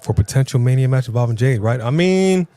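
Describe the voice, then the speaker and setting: A man's voice: mid-range voice, fairly quick, no echo. A man co-hosting a live stream, chatting casually and playfully reading out viewer comments. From Southern California. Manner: energetic, playful, reads chat aloud.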